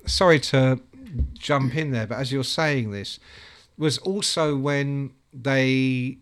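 A man in a casual chat, telling animated stories and acting out other people's voices. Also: mid-range voice, slow pace, clean tone. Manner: animated storyteller who acts out quoted voices. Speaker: guest recalling music journalism days.

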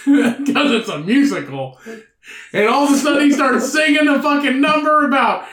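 Male podcast co-host with a high voice, joking and profane as he riffs on a story, in an echoey room. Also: moderate pace, fairly bright tone. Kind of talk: casual storytelling chat.

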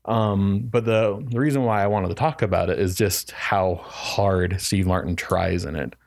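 A man's voice: deep voice, fairly even intonation, normal speed, vocal fry. A man in his thirties co-hosting a podcast, retelling film jokes in casual chat and laughing as he goes. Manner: rambling, laughs while telling jokes. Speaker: podcast co-host.

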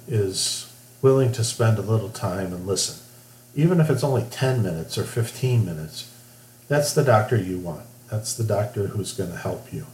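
Middle-aged guy ranting plainspoken, lowish voice, echoey room w/ faint hum. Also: a little mellow. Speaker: podcast host, former medical worker. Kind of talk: casual podcast monologue.

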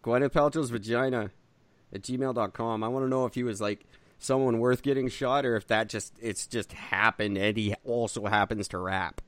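A man's voice: mid-range voice, fairly even intonation, moderate pace, no echo. A man with a mid-range voice co-hosts a casual podcast, tossing off sarcastic, dry jokes. The sound is close and dry. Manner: sarcastic, dry joking asides. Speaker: podcast co-host.

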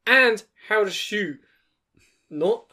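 Swearing man with a bright voice. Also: high-pitched, animated, drawn-out words. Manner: swears a lot, laughs mid-story. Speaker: podcast co-host. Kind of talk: casual banter.

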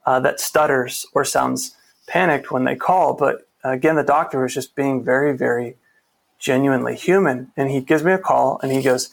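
Gravelly man telling his story earnestly. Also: mid-range voice, moderate pace. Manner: earnest, reflective, with frequent restarts and quoted dialogue. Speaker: interview guest. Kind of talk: personal storytelling in a conversation.

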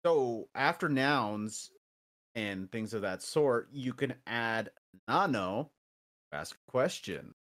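Slow, lively-voiced man co-hosting a lesson. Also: mid-range voice. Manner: relaxed, laughs often, repeats example phrases. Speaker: co-host. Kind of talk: casual language lesson podcast.

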